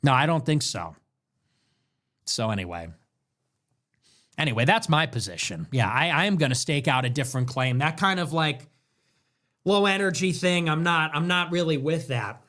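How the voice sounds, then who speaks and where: A man hosting a livestream, delivering an emphatic, declamatory political monologue that builds to shouts. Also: fairly high pitch, animated, normal speed, pauses often. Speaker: livestream host.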